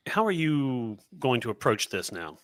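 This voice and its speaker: A man serves as game master for a tabletop role-playing game and narrates the action. His voice sits in a middle pitch, and his delivery is casual and hesitant, full of small restarts. The recording is dry and close, with no room sound. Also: a little slow, dry recording. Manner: relaxed, hesitant, thinks aloud.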